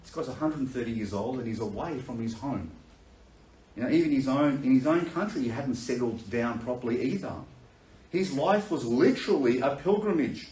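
A man preaching a sermon, telling a Bible story in a lively way and acting out the characters with laughter. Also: medium pitch, moderate pace. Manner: animated storytelling, acts out voices with laughter. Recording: echoey room, voice from a distance.

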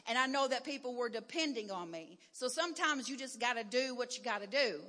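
A woman giving a candid sermon testimony in a church, talking plainly and rising to loud, emphatic declarations. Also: fairly high pitch, animated, fairly quick. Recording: long hall reverb.

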